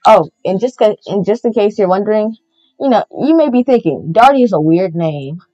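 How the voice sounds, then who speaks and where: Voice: mid-range voice, lively intonation, normal speed, dark tone, no room sound, lightly acted. A performer voicing a chatty female frog animatronic who rambles through her explanations in a fan-made game roleplay. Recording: slightly muffled with faint music.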